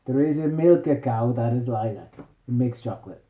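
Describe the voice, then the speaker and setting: A man's voice: medium pitch, expressive, normal speed, dull audio. A man improvising a meandering, playful bedtime story. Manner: playful, meandering, self-interrupting.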